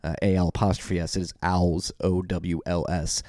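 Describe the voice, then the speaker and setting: A man's voice: deep voice, level tone, normal speed, darkish tone, no room sound, clean studio sound. A man with a Philadelphia accent hosting a podcast, reading the intro and the sponsor spots in a loose, off-the-cuff way with many fillers and self-corrections. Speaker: podcast host. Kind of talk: casual podcast intro and ad reads.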